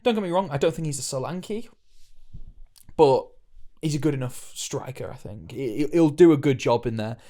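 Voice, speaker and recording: A young man co-hosting a podcast, talking football in a chatty, opinionated way with quick restarts. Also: medium pitch, lively intonation, warm tone. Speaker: podcast co-host. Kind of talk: casual football chat.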